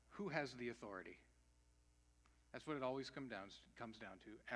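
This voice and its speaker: A man's voice: mid-range voice, fairly bright tone. A man preaching a sermon, mixing emphatic points with rhetorical questions and casual asides. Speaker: pastor.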